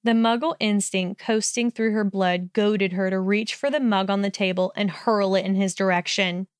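A woman narrating a story in an even, measured reading voice. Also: mid-range voice, clear, resonant tone, dry recording, clean studio sound.

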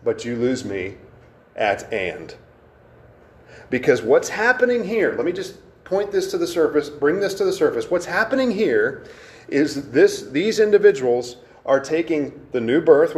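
A male pastor with a somewhat higher voice teaches his congregation in a relaxed, conversational way. He asks questions of the room and slows right down to press on single words. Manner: engaging, quizzes the congregation, stresses words by slowing down.

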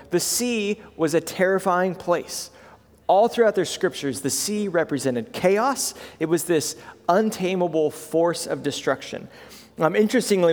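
A male pastor preaching in a relaxed, chatty way, often pausing with "um" and checking in with the congregation. His voice sits a bit higher than most men's and carries the long reverb of a church hall. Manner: conversational, with frequent fillers and "right?" check-ins. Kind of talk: sermon.

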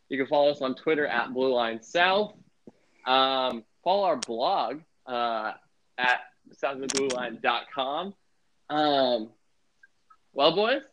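A man's voice: medium pitch, measured pace. A young man hosting a casual sports podcast, rambling with lots of filler words. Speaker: podcast host. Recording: muffled lo-fi sound.

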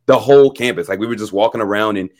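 A man's voice: fairly low pitch, quick pace, darkish tone, no room sound. Young guy telling a story on a podcast, laughs a lot, acts out the quotes, dry close mic. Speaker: guest musician. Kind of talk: casual interview storytelling.

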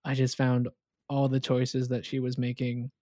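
Laid-back co-host with a mellow, dark voice, dry wit, close and dry recording. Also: mid-range voice, monotone, moderate pace, no room sound. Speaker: podcast co-host. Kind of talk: casual film chat.

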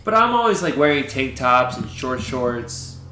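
A young man in his twenties trades jokes and playful boasts as a podcast co-host. His voice has a typical male pitch. The recording is roomy and echoey, with faint background noise under it. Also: big pitch swings, measured pace, bright, forceful tone. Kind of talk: casual chat.

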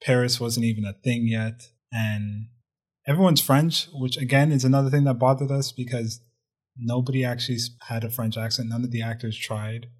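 A man's voice: mid-range voice, fairly even intonation, moderate pace. A man co-hosting a casual movie review chat, telling the plot in a joking, wry way. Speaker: podcast co-host.

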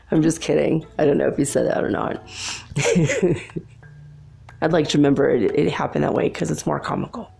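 A woman's voice: sits low, big pitch swings, moderate pace, creaky, dark tone, breathy edge, soft background music. A young adult woman telling a personal story in a casual, chatty way, laughing often between remarks.

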